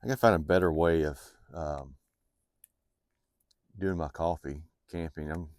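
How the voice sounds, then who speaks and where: A man with a drawl and a very low, deep voice talks easily to his viewers from an outdoor campsite. He's chatty and relaxed, sniffling a little in the cold morning air. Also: unhurried, dry recording. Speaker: vlogger. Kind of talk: casual outdoor vlog talk.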